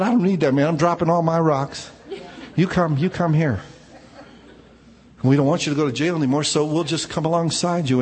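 Speaking in a large hall, a male pastor with a slightly mellow voice on the high side preaches informally. His sermon is conversational and full of personal stories, with frequent "man" asides.

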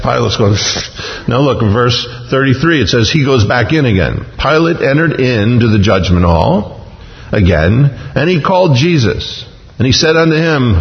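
A man preaching an expository sermon, acting out the voices of the people in the text with sudden jumps in pitch. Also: moderate pace. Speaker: pastor. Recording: muffled sound in a reverberant hall.

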